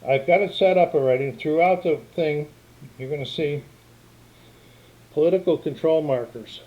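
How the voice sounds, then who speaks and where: A man's voice: on the high side, normal speed, highs cut off. An older man casually walking through a tabletop game setup, talking in a plainspoken, meandering way on camera at home. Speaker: board game demonstrator. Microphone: camera microphone.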